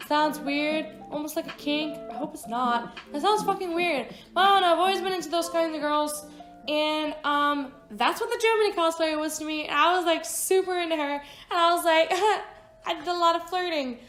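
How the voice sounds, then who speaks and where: A woman's voice: very high voice, moderate pace, fairly bright tone. A woman of about twenty telling a casual, rambling story with frequent swearing and offhand asides. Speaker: vlogger. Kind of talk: casual storytime over a speedpaint. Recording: echoey room with background music.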